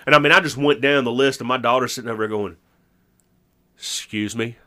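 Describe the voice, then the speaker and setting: A man's voice: mid-range voice, racing, pushed and bright. A middle-aged man telling rambling food stories in casual podcast chat, laughing easily. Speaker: podcast co-host.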